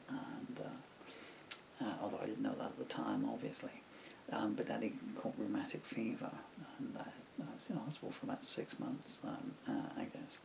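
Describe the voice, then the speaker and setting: Older man, gravelly low voice, rambling on-camera reminiscence with faint hiss behind. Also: low-quality recording. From England. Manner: meandering, full of fillers and asides. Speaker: songwriter talking to camera. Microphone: camera mic.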